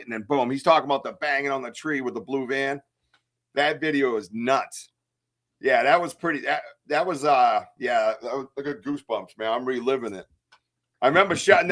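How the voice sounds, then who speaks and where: Hyper, rambling American man hosting a stream. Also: a little high. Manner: hyper, rambling, shouting out viewers. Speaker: co-host of a live research stream. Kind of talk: casual live-stream chat.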